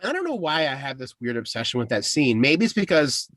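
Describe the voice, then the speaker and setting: A man's voice: mid-range voice, sing-song, brisk, fairly bright tone, no room sound. A man hosting a casual pop-culture podcast, talking loosely and with swearing, often restarting his sentences. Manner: loose, profane, rambling with restarts. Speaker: podcast host. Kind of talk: casual chat.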